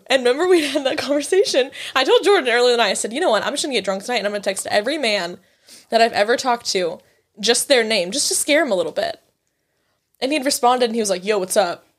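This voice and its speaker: A young woman in her twenties co-hosting a casual chat show, candid and swearing freely, acting out the voices of people in her stories. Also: on the high side. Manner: candid, swears freely, acts out quoted dialogue. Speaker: podcast co-host.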